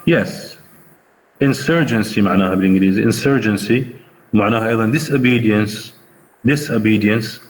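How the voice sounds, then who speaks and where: A man's voice: lowish voice, racing. A man with an Iraqi Arabic accent giving a classroom lecture, explaining words one by one and quizzing his students. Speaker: university English lecturer. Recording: reverberant room, faint background noise.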